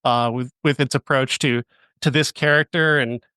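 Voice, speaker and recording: A man's voice: mid-range voice, fairly even intonation, bright, forceful tone, smooth, no echo. Enthusiastic man gushing about a film. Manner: enthusiastic, halting, with many fillers and restarts. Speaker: podcast host and movie reviewer. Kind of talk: casual review chat.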